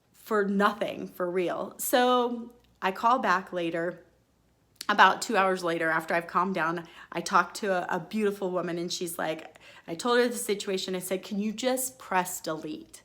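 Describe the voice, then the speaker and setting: Female host, relaxed storytelling monologue, lively and expressive delivery. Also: mid-range voice. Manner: chatty and expressive, acts out her own quoted lines. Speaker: podcast host.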